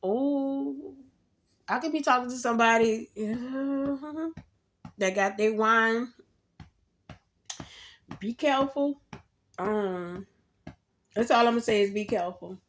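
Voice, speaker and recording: A woman giving a casual tarot reading straight to the viewer, animated and slangy, laughing often as she talks. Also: a little high, slow, pauses often. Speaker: tarot reader.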